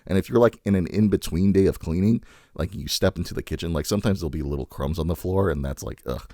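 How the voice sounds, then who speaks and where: A man's voice: low voice, quick pace, dark tone, no echo, studio quality. A man co-hosting a podcast in casual chat, rambling and laughing often. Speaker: podcast co-host.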